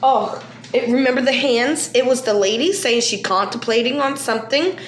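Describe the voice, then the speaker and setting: A woman talking casually to her viewers, upset and emotional, sighing between soft lines and loud bursts. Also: fairly high pitch, moderate pace, echoey room. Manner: emotional, swings from soft sighs to loud outbursts. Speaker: vlogger.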